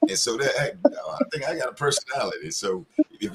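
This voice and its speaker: A man's voice: on the low side, expressive, a little fast, slight background noise. A man in casual panel talk, telling loose, profane stories full of slang. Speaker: community panelist.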